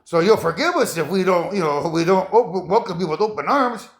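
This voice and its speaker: A man talks to his viewers in a loose, rambling way, his voice rising and falling a lot. He gets excitable and keeps laughing, his pitch jumping high in bursts. His voice sits a little higher than most men's. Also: a little fast. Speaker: vlogger. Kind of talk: rambling casual monologue to viewers.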